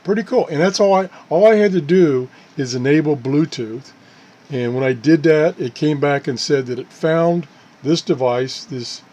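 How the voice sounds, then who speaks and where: A man hosting his own channel talks casually and unscripted about a gadget, frequently correcting himself and chuckling at his own mishaps. His voice is on the high side with a darkish tone.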